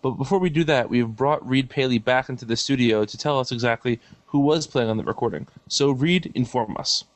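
Dry sarcastic podcast co-host. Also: male voice, medium pitch, fairly quick, hardly any pauses, dry recording. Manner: dry, sarcastic, matter-of-fact. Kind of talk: casual podcast chat.

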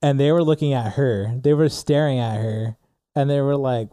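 A man's voice: medium pitch, moderate pace, warm tone, no echo, clean studio sound. A young man telling a story in casual chat, acting out the dialogue with lots of filler words. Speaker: podcast co-host telling a story.

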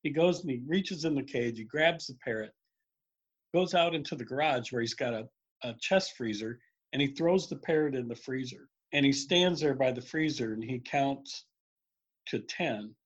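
A man telling jokes in a relaxed, storytelling way, acting out the characters. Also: mid-range voice, normal speed, husky. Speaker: joke teller. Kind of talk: casual joke telling. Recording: dull lo-fi sound.

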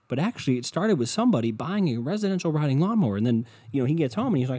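A man's voice: mid-range voice, sing-song, fast talker, few pauses, mellow, husky, no echo. A man hosting a solo podcast, ranting in a scatterbrained, profane way from a hot indoor room. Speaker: podcast host.

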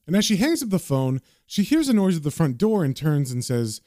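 A man reading a comic aloud in a casual, animated manner, describing the panels. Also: fairly high pitch, brisk, hardly any pauses, dry recording, clean studio sound. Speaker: comic book reader.

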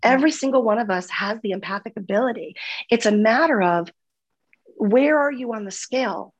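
A woman's voice: a little high, brisk, dull audio. A woman, a former nurse, speaking as a guest in a casual podcast conversation, earnest and heartfelt, often repeating words. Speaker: guest, former nurse turned spiritual healer.

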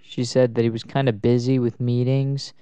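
A man's voice: mid-range voice, flat delivery, normal speed, warm tone. A young man co-hosting a podcast, joking and cutting in with slang during casual chat. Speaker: podcast co-host.

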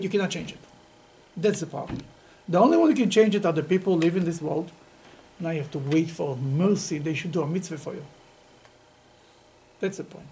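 A man teaching a Talmud class to students, telling stories in an animated way and laughing often. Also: a little high, fairly quick, pauses often, poor audio. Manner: animated, laughing, Yiddish-sprinkled storytelling.

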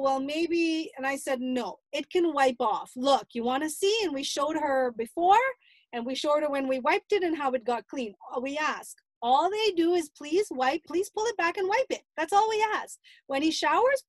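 A woman's voice: sits high, no echo. A middle-aged grandmother telling her family's story in an earnest, pleading and indignant way. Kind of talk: emotional personal testimony.

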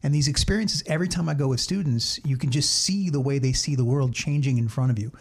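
A middle-aged man with a Southern American accent hosting a podcast in a relaxed, encouraging way, laughing often. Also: medium pitch, quick pace, gravelly. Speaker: podcast host. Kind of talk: casual chat.

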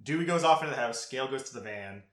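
Lively man recapping a movie scene by scene. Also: medium pitch, racing. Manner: lively storytelling with mimicked lines. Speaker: podcast co-host. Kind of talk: casual movie recap chat. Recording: roomy echo.

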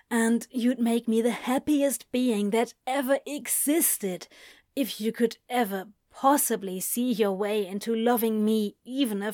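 A woman voicing a devoted, lovestruck male demon who declares his love slowly and earnestly, in a fan fiction reading. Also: fairly high pitch, a little mellow, dry recording, studio quality. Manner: slow, earnest, heartfelt declaring. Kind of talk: fan fiction read aloud.

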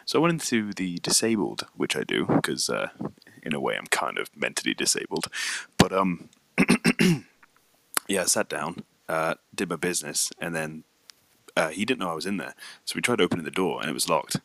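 A man's voice: sits low, big pitch swings, moderate pace, vocal fry, a bit bright, dry recording, rough recording. A man telling an embarrassing story in casual chat, hesitant and self-deprecating. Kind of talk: casual anecdote.

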